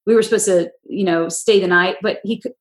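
Speaking a little fast in a mid-range voice, this podcast host shares stories conversationally, animatedly voicing the quotes of the people involved. Her audio is rough and sounds roomy.

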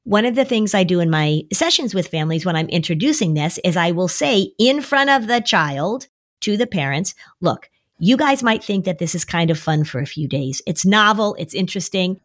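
A woman's voice: expressive, normal speed. A middle-aged woman therapist on a podcast, explaining to parents how to respond to a child's worry and now and then mimicking a whiny child. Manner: warm, coaching, acts out kids' voices in a high whine. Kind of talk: conversational advice podcast.

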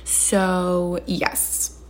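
A woman's voice: lowish voice, monotone, very slow. A woman in her thirties hosting a podcast in casual, bubbly chat, gushing and full of fillers. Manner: bubbly, chatty, gushing, lots of "like" and "oh my gosh". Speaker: podcast host.

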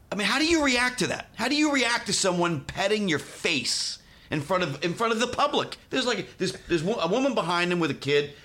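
A middle-aged man telling an exasperated comic story, yelling and laughing as he goes. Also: sits high. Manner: exasperated, yells and laughs through his story. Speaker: podcast guest. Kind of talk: comedic storytelling rant.

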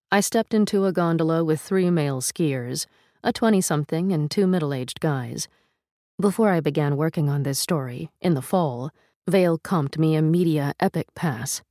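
A woman reads a feature story aloud in a calm, measured way. Her voice sits low, and the recording is dry and close, with no room sound. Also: dry recording. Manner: measured, steady reading with a first-person reporter voice. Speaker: narrator of an audio article. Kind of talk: scripted narration.

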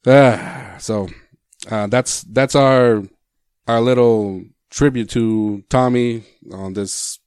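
A man's voice: medium pitch, steady tone, slow, a little mellow, clean tone, no echo, clean studio sound. A man co-hosting a podcast in a laid-back, agreeable casual chat, full of fillers. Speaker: podcast co-host.

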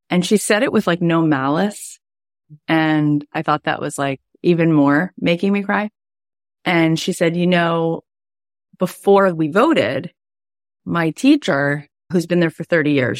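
A woman's voice: low voice, creaky, dry recording, clean studio sound. A woman in her forties, a podcast host and coach, tells a personal story on a coaching call in a chatty, emotional way full of "like" fillers.

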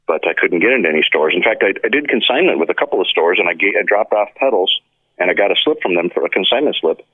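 A man's voice: low-pitched, fast talker, slightly rough, no room sound. A man telling stories as an interview guest, acting out the voices of people in his stories. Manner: animated storyteller who acts out quoted dialogue. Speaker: guest, effects pedal maker. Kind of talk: casual storytelling interview. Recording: tinny phone-line sound.

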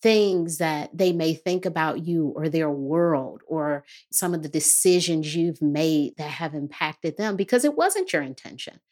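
Low-voiced woman giving calm advice. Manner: measured, explanatory. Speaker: guest therapist and author. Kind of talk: advice-giving podcast conversation.

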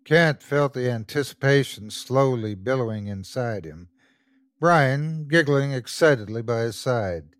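A man's voice: medium pitch, lively intonation, unhurried, dry recording, clean studio sound. A man narrating a scripted horror story as the show's host, telling it expressively.

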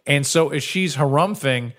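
A man's voice: on the high side, moderate pace, a bit bright. A middle-aged man co-hosting a casual chat, rambling through stories and acting out quotes in other voices. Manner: rambling storyteller, acts out quotes. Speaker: podcast co-host.

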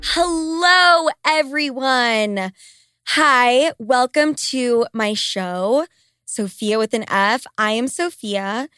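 A woman's voice: fairly high pitch, slow pace, a bit bright, clean tone, no echo, faint music behind. A woman in her twenties hosting a casual solo podcast, congested with a cold and talking in a profane, sarcastic, rambling way from a small basement home studio. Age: 20s. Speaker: podcast host. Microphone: studio microphone.

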